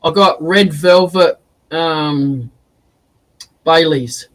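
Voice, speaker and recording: Casting: easygoing Australian guy, slightly higher voice, dry mic. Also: extremely slow, a bit bright, no room sound, low-quality recording. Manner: laid-back, joking. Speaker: woodworking livestream host. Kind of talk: casual chat.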